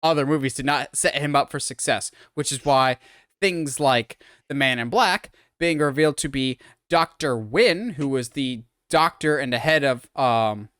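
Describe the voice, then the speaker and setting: Smooth-voiced opinionated podcast man. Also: mid-range voice, measured pace, a bit bright, no echo, clean studio sound. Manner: opinionated, rambling film breakdown. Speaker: podcast co-host. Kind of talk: casual podcast chat.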